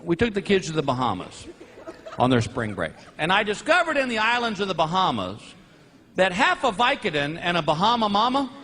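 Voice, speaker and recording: Male stand-up comic onstage, high, swooping delivery, noisy live recording. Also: brisk. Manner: animated storytelling, bursts into shouted punchlines. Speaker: stand-up comedian. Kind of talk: stand-up comedy routine. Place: comedy stage before a live audience. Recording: live stage audio with crowd noise.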